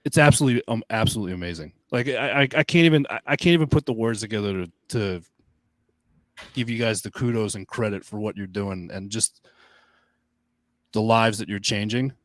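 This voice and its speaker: A middle-aged man from Long Island co-hosting a podcast, talking in an emphatic, halting way that circles back on itself. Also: lowish voice, dry recording. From Long Island, New York. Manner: emphatic, halting, repeats himself. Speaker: podcast co-host. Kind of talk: casual podcast chat.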